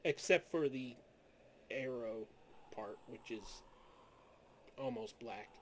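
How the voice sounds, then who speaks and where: A man narrating as game master of a tabletop game over a video call, describing things slowly with restarts. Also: mid-range voice, slight background noise. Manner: slow, halting descriptions with restarts. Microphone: home microphone on a video call.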